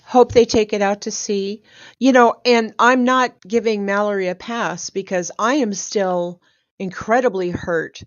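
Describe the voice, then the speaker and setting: A woman on an online panel, talking in a measured, thoughtful way with frequent pauses. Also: mid-range voice, steady tone, no echo, highs cut off. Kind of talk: casual online panel chat.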